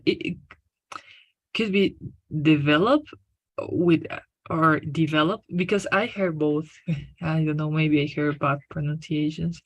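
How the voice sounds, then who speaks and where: Hesitant woman student, slow halting speech. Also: low-pitched, no echo. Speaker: language student.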